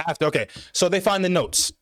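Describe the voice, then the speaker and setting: A man's voice: sits high, lively intonation, fast, a bit bright, no room sound, studio quality. A man hosting an anime discussion, retelling the plot at length in a loose, profane way full of "like" and "bro.". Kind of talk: casual chat.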